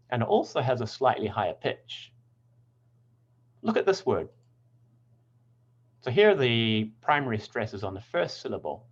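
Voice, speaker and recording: Lively-voiced man teaching pronunciation. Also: medium pitch, highs cut off. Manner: clear, deliberate word demonstrations. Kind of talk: scripted lesson narration.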